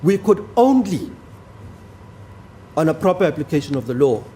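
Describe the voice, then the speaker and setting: A man's voice: on the high side, sing-song, moderate pace, mellow, a little hiss or hum. A man arguing a legal point before a judge in a courtroom, formal and deferential to the bench, stressing key words. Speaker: advocate.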